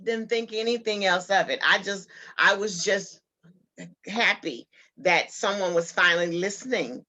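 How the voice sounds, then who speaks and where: Bright-voiced woman telling her story. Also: mid-range voice, unhurried. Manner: earnest, heartfelt storytelling. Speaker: guest. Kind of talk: personal story in an interview.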